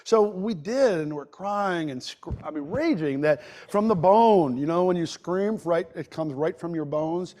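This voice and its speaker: A middle-aged man speaking at a grief workshop, telling a personal story in a halting, emotional way with many restarts. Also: on the high side, lively intonation, darkish tone. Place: medical center presentation room.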